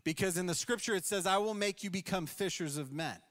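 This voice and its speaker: Man, pastor, sermon, conversational storytelling, slightly high voice, long hall echo. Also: a little fast, fairly bright tone. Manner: storytelling, conversational with acted quotes.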